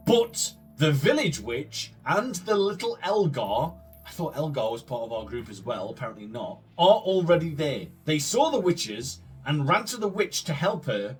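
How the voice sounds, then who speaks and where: Male gaming host, fairly high and animated, sarcastic and profane; faint music underneath. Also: slightly rough. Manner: sweary, sarcastic, incredulous. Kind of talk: gaming commentary, reading story text aloud.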